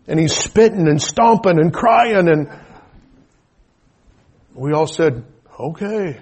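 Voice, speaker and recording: A middle-aged man, a pastor, preaching a sermon with personal testimony and moving from quiet storytelling to shouted preaching. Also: a little high, lively intonation, slow, long pauses, some chatter behind, a little hiss or hum.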